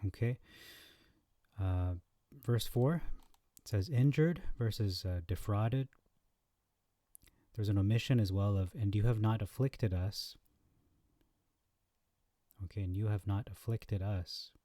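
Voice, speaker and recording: A man hosting a scripture comparison lesson, reading verses aloud and thinking out loud with fillers, on a close mic. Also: lowish voice, slow, pauses often, no room sound. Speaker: Bible teacher.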